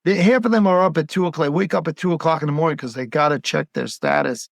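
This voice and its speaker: A man's voice: fairly high pitch, fast talker, creaky, no echo, clean studio sound. A man who is a pediatric gastroenterologist, talking in a casual podcast conversation and telling stories as he acts out the voices of patients' parents.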